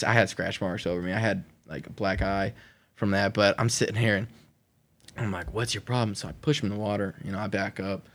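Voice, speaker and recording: A young man telling his personal testimony in casual conversation, animated, laughing often and acting out what people said. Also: low-pitched. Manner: animated, acts out quoted voices, laughs often.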